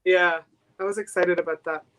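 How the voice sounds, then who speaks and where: A woman's voice: lowish voice, steady tone, a bit bright. A woman from Boston chatting casually and enthusiastically as a guest seller on a live-stream sale. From Boston, USA. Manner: chatty and enthusiastic, quick giggles.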